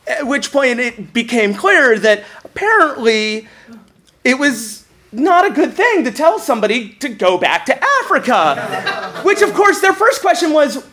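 Animated self-mocking comic storyteller. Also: medium pitch, a little slow. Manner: animated, self-mocking, laughs while telling; frequent restarts and stammers. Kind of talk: comedic personal storytelling.

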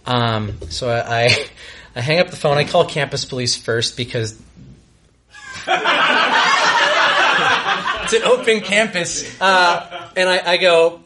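A man's voice: fairly high pitch, lively intonation, a little slow, pauses often, background noise. A young man telling a story to a live audience with wry, self-deprecating humor.

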